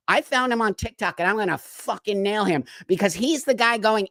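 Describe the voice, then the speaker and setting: A man's voice: sits high, animated, moderate pace, hardly any pauses, a bit bright, dry recording. An older man hosting a live stream, ranting angrily and bluntly with profanity and sarcastic mock quotes. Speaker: show host. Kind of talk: heated live-stream commentary.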